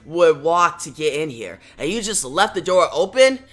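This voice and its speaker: A man's voice: fairly high pitch, big pitch swings, normal speed, a bit bright. A man voicing a cynical, secretive male occult detective with dry, sardonic lines in a comic reading.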